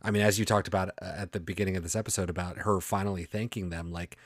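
Deep-voiced male podcast co-host, measured, dry close sound. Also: fairly even intonation, dry recording. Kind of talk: casual chat analyzing a TV episode.

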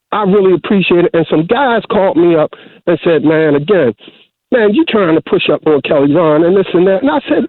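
A middle-aged man phones in to a talk show and delivers an emotional, preachy monologue, repeating himself heavily and starting over often. His voice sits a little high and comes across as animated and fairly quick. The tinny phone line carries no room sound.

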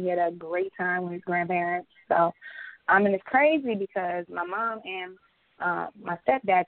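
Woman, pregnant, podcast co-host, casual chat, animated storyteller, swears a lot, tinny phone line, dry sound. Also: on the low side, no echo.

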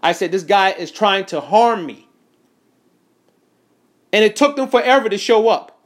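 A man angrily recounting a confrontation in a profane, animated first-person story with quoted dialogue. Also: high-pitched, unhurried. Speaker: veteran recounting an incident. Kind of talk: angry first-person account to camera.

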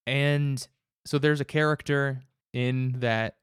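A man chatting casually, rambling with halting restarts and laughing as he goes. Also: mid-range voice, fairly even intonation, clean tone, no echo, studio quality. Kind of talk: casual chat.

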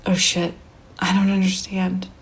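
A woman voicing a confused grown man after a seizure, who asks slow, childlike questions. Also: fairly low pitch, monotone.

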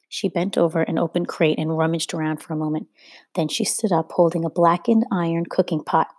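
A woman reads a children's novel aloud at a steady storytelling pace, sometimes correcting a slip. Her voice is low, mellow and husky. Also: brisk, no room sound. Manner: steady storytelling, occasional rereading slips. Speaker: reader.

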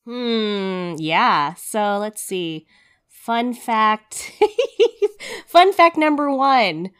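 A woman's voice: a little high, animated, extremely slow, a bit bright, clean tone. A woman in her thirties co-hosting a podcast, chatting casually with lots of laughs and fillers. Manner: giggly, upbeat, many fillers. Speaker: podcast co-host. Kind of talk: casual chat.

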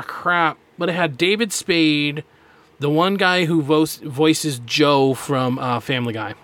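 A man's voice: on the high side, fairly bright tone. A man co-hosting a podcast in casual chat, rambling and laughing often as he talks about shows. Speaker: podcast co-host.

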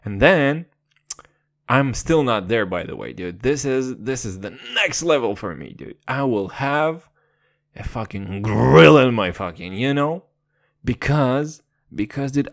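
Playful foul-mouthed man, lively pitch. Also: measured pace, vocal fry. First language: not English. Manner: profane, playful mock-gangster bravado; dips into a put-on deep voice. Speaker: podcast host. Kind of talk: comedic podcast monologue.

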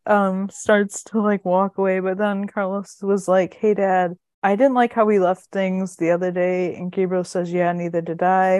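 A woman's voice: fairly low pitch, no echo, clean studio sound. A woman co-hosting a casual podcast, retelling a TV episode scene by scene with lots of fillers and emotion. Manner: gushing, recounts scenes with many "like" fillers. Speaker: podcast co-host. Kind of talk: casual chat recapping a TV episode.

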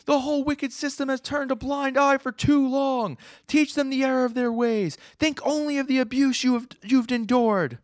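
A man reading comic lines aloud while putting on a fanatical male rebel leader with a spider-like look, shouting zealous rally cries in a shrill, strained voice. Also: fairly even intonation, moderate pace, hardly any pauses, dry recording, clean studio sound.

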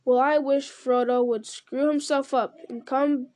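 A woman's voice: sits high, steady tone, measured pace, a little mellow. Woman reading as a fretful young hobbit. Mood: impatient. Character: impatient young male hobbit.

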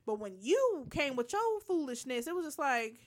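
A middle-aged woman co-hosting a casual chat, animated and laughing as she tells stories. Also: high-pitched, normal speed.

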